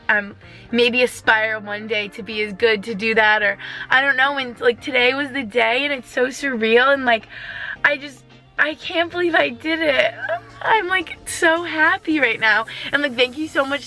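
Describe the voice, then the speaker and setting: An excitable young woman chats straight into a phone held at arm's length, her talk full of filler words. Her voice sits fairly high and she sounds emotional and close to tears. Faint music plays behind her. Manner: chatty, lots of "like", excitable. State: emotional, teary. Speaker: vlogger. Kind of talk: casual vlog talk. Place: walking outdoors and driving.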